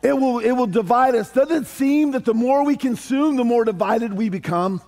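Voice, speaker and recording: A middle-aged man preaching a sermon as a pastor, conversational and animated, with humorous asides to the congregation. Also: very high voice, normal speed.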